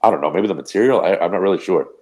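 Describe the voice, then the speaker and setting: Deep-voiced man telling a rambling story. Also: racing. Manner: rambling, profane, animated anecdote. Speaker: podcast co-host. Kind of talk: casual storytelling.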